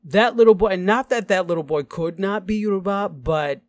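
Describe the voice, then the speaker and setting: A man's voice: high-pitched, normal speed, dry recording. Nigerian-accented male co-host, emphatic TV chatter, dry close sound. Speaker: podcast co-host. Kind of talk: casual TV review chat.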